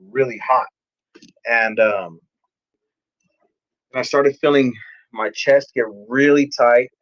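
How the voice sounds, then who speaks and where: A man's voice: mid-range voice, no room sound, highs cut off. Streetwise man telling his story. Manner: candid, streetwise, acts out quotes. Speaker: pastor, podcast guest. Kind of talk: casual storytelling.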